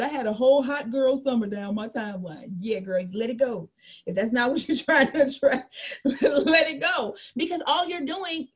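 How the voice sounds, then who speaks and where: A woman coaching an online group about her business in a candid, animated way. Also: high-pitched. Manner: animated and candid, acts out chats in a bright girly voice. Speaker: network marketing coach.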